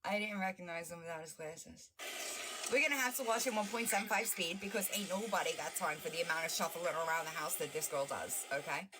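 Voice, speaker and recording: A woman's voice: lowish voice, a little fast, pushed and bright, a little hiss or hum. A woman hosting a livestream, reacting to videos in a brash, profane and mocking way, often breaking into laughter. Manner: mocking and sarcastic. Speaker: livestream host. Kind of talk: casual reaction commentary.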